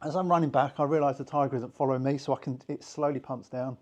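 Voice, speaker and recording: Heard through lo-fi sound, a medium-pitched, slightly mellow British voice speaks quickly with fairly even intonation. The man is a hypnosis instructor chatting informally with a small group and performing little voices within his examples.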